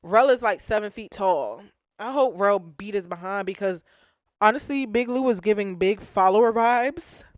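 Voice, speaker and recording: A woman's voice: medium pitch, moderate pace, dry recording, studio quality. Slangy woman recapping a reality show. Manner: animated, slangy, acts out quotes. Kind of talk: casual recap commentary.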